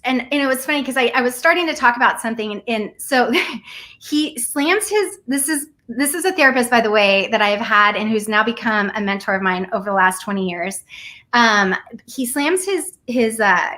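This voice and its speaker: A woman's voice: fairly high pitch, moderate pace. A woman in her forties, talking earnestly and telling a personal story in a casual conversation. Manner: earnest, animated storytelling with laughs. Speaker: guest.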